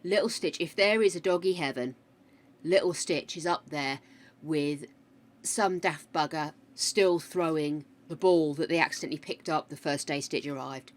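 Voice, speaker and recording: A woman's voice: low voice, normal speed. A British woman streaming a game, rambling chattily through a story and answering her chat. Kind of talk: casual chat while gaming.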